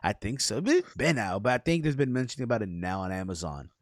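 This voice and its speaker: A man's voice: fairly low pitch, big pitch swings, fast, no room sound, clean studio sound. A man co-hosting a wrestling podcast, talking loosely and rambling, with lots of swearing and "bro". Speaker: podcast co-host. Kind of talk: casual wrestling chat.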